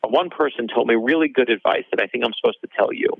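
Talking fast in a creaky, slightly rough mid-range voice, an author guest relates a story in an interview. The recording is dry and tinny, like a phone line without echo, and he performs the dialogue with animation.

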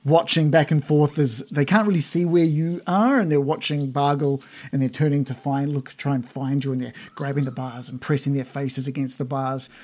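A man narrating a tabletop game as game master, unhurried and full of fillers. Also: mid-range voice. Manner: relaxed, with many fillers.

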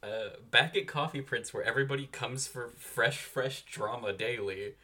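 A man co-hosts a casual podcast with a relaxed, wry manner. He adds thoughtful asides in a voice of middle pitch for a man. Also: moderate pace. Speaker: podcast co-host. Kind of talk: casual chat recapping a TV drama.

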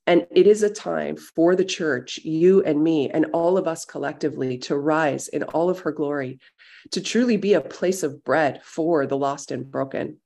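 Gravelly-voiced woman guiding quiet prayer. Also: low voice. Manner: gentle, reflective, unhurried guiding. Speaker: Bible study teacher. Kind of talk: devotional teaching, guided meditation. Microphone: video call.

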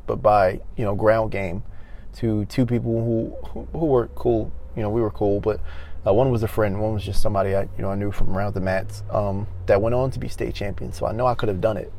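A young man hosts his own podcast and tells a personal story in a relaxed monologue. He leans on fillers, restarts, and quick reenactments of what people said. His tone moves between excited bursts and calmer reflection. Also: fairly low pitch, creaky, slight background noise. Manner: animated, filler-heavy, reenacts dialogue. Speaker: podcast host.

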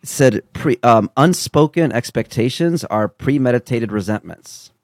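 A man in a casual podcast conversation, candid and animated, telling a personal story with asides. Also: mid-range voice, measured pace, dry recording, studio quality.

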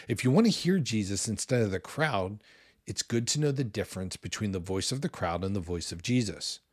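A man hosting a devotional podcast, teaching in an earnest, conversational way with the odd small laugh. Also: on the low side. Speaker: podcast host.

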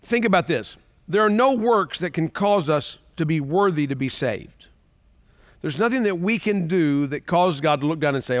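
High-voiced male pastor preaching. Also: animated, normal speed, dry recording. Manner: conversational, asks rhetorical questions. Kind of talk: sermon.

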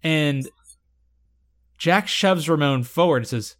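Man recapping a show, animated. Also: fairly high pitch, takes it slowly. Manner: animated storytelling, acts out quotes with laughter. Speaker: podcast host recapping a TV episode. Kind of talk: casual chat.

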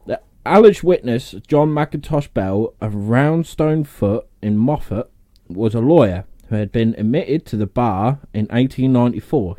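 A man's voice: mid-range voice, warm tone, no echo, clean studio sound. A man hosting a podcast, chatting casually, reading out facts and joking and swearing between laughs. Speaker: podcast host.

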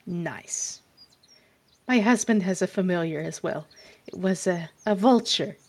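A woman's voice: on the low side, measured pace, darkish tone. Motherly woman in a tabletop game. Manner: motherly, calls others dear. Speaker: tabletop player or game master. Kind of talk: in-character tabletop play.

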